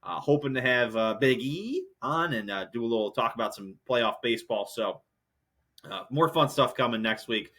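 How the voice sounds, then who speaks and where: A man's voice: medium pitch, animated, moderate pace, a bit bright. A young man hosting a solo podcast, ranting in a heated, profane, rambling way. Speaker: podcast host.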